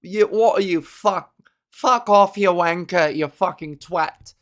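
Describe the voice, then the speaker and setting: A woman putting on a mock British accent to play a crude, swearing bloke, loud and exaggerated. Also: on the low side, slow. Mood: rude.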